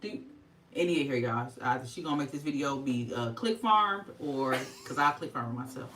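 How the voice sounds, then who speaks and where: A woman's voice: very deep voice, animated, normal speed, far from the mic, noisy background. A middle-aged woman hosting a casual skincare livestream, chatty and laughing often.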